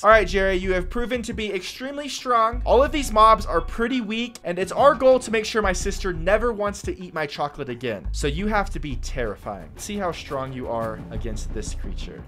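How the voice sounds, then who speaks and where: A man hosting a gaming channel, giving playful Minecraft gameplay commentary and dropping to a hushed voice when he sneaks around. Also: sits high, a little hiss or hum. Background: background music.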